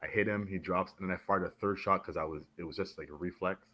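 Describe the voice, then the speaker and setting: Man, deep voice, from Canada, military veteran, animated storyteller, podcast guest. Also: fast. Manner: animated, acts out the voices of others in his stories. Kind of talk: casual storytelling in a podcast interview.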